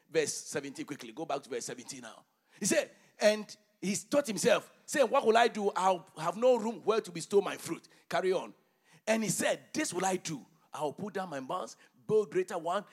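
A man preaching a sermon and reading scripture, emphatic, quizzing the congregation, swinging from shouts to hushed near-whispers. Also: a little high. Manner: emphatic, call-and-response questions to congregation.

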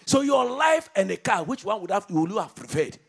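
A man preaching a sermon as pastor, with fervent call-and-response delivery that swings between shouted declarations and low murmurs. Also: big pitch swings, brisk, creaky, husky.

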